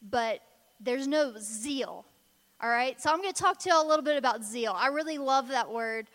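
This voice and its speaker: A woman's voice: high voice, animated, moderate pace, a bit bright, big-room sound. A woman preaching a sermon in an emphatic, conversational way.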